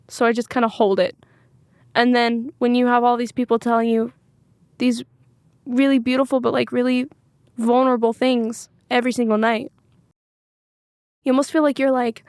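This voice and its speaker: A woman with a fairly high voice talks candidly as an interview guest. She rambles openly and leans on filler words. The sound is close and dry, with no room echo. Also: a little mellow. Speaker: singer-songwriter guest.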